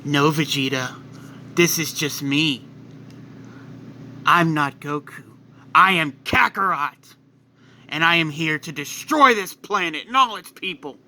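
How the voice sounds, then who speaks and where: A cold, taunting alien warrior who has turned evil and sneers at everyone. The voice sits a little high and rings bright and sharp, as a male narrator puts it on. He speaks with boastful menace. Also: a little slow, pauses often. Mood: menacing.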